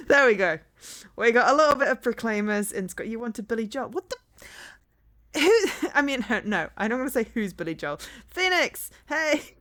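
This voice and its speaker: A woman's voice: a little high, expressive, normal speed, fairly bright tone. A woman streaming from home, chatting casually with her viewers, rambling, laughing often and humming bits of songs.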